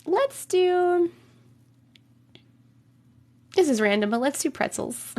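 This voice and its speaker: A woman with a fairly high voice hosts a casual live stream from her room. She chats loosely with her viewers, swears in passing, and reads their strange stories aloud with plenty of her own reactions. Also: animated, slow, pauses often, a little mellow. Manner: chatty, swears casually, laughs and reacts while reading. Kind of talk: casual live-stream chat and story reading. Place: home room, alone.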